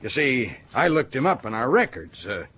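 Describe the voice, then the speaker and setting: A man's voice: mid-range voice, sing-song, normal speed, fairly bright tone, breathy edge. An actor playing a boastful, chatty male prison governor, who stumbles over his words in a radio drama. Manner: boastful, stumbling, chuckling often.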